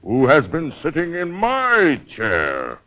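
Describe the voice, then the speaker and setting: A man voicing a big papa bear in an old cartoon, with a rough, gruff roar. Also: a little high, wildly swooping pitch, slow, exaggerated voice. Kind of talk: 1930s cartoon voice acting. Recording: dull old cartoon soundtrack.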